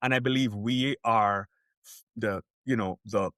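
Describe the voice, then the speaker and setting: Animated man on a podcast, dry sound. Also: on the low side, unhurried, dry recording. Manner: animated, emphatic storyteller. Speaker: cruise line guest. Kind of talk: podcast interview.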